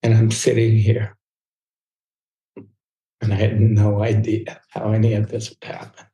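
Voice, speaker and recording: A man's voice: lowish voice, completely flat delivery, warm tone, highs cut off. Man telling stories in a roomy echo. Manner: fast, tumbling anecdotes with restarts. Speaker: guest. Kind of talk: storytelling in casual interview.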